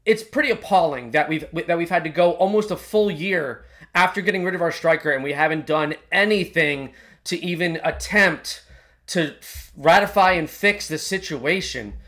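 Argumentative man with a higher voice. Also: normal speed, bright, forceful tone. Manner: argumentative, stammering restarts. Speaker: podcast co-host. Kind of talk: casual chat.

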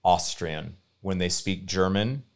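A man's voice: sits low, slow pace, creaky, a crowd in the background. A man from California, a guest in a casual podcast chat, talkative and prone to restarts.

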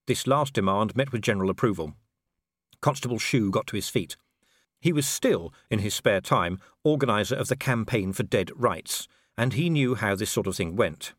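A man's voice: fairly low pitch, expressive, moderate pace, a bit bright, no echo, studio quality. A man narrating an audiobook of a comic fantasy novel in a wry storytelling manner. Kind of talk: scripted narration.

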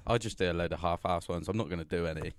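A young man, co-hosting a casual podcast, teasing in quick banter. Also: deep voice, clean tone, dry recording. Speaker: podcast co-host. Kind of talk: casual chat.

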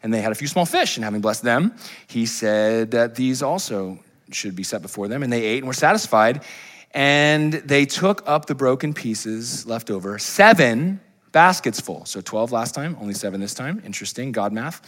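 Male pastor, sermon; lively storyteller who acts out the characters with humor, mid-range voice. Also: medium pitch, normal speed. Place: church.

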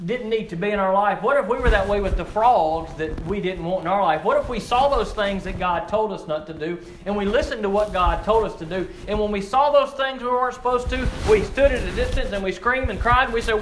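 A man preaching a sermon, earnest, often repeating words as he builds to emphatic, rising peaks and then drops low. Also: brisk, few pauses. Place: outdoor or open church setting with frog croaking nearby. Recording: echoey room with faint ambient noise.

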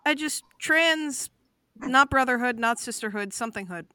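A woman's voice: fairly high pitch, lively intonation, normal speed, pushed and bright, clear, resonant tone, no room sound, clean studio sound. A woman running a tabletop game as game master, narrating and voicing characters in a playful way. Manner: playful, voices a groggy non-player character.

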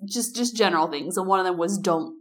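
Animated young woman telling a story. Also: mid-range voice, fast. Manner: animated, acts out quotes. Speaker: podcast co-host. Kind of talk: casual storytelling.

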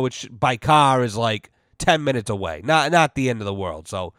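A man from Massachusetts hosts a casual storytelling podcast, rambling along with constant fillers and a steady stream of curse words. His voice comes through smooth and clear, recorded dry and close with no room sound. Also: medium pitch, moderate pace, hardly any pauses, no room sound. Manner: rambling, profane, heavy use of fillers. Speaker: podcast host.

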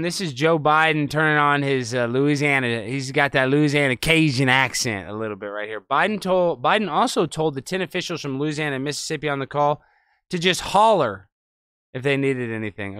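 A man's voice: medium pitch, clean tone, dry recording, studio quality. Sarcastic man ranting over news clips. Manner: sarcastic, animated, scoffing. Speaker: host.

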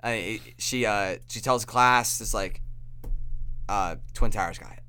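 A man's voice: fairly low pitch, measured pace, sharp tone, smooth. A young man hosting a podcast, telling a story in a rambling, profane way full of restarts. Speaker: podcast host. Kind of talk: casual chat, storytelling.

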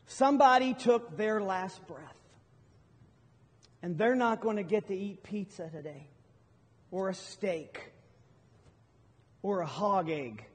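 A middle-aged male pastor preaches a sermon, telling stories with emphatic swells and sudden loud bursts. His voice sits high for a man. It rings out with a long reverb tail across a large hall. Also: slow, pauses often, husky.

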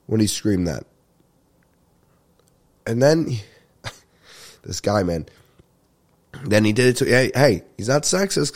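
A man's voice: mid-range voice, a little mellow. Congested young man rambling through stories. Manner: rambling, swearing, laughs while telling stories. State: congested, getting over a sinus infection. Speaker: podcast host. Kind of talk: casual comedic storytelling.

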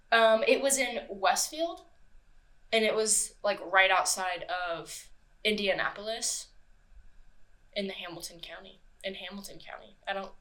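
A woman hosting a casual true-crime podcast, chatty and quick to swear and laugh. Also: mid-range voice, sharp tone. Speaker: podcast host.

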